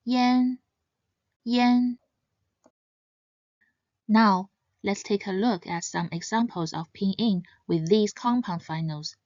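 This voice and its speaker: A woman teaching pronunciation in a scripted lesson, speaking slowly and carefully and stressing each example sound. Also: medium pitch, no echo, muffled recording. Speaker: language teacher.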